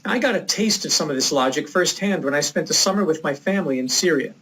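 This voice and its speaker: A male lecturer with a somewhat high voice, giving a reflective, measured lecture. He tells a personal story at a calm pace. Faint ambience hums under him. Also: a little hiss or hum, poor audio. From United States.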